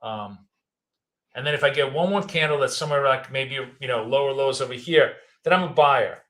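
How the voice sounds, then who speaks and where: Bright-voiced Russian-accented man trading live. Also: mid-range voice, fairly quick. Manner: casual, rambling, thinking aloud. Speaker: trading educator.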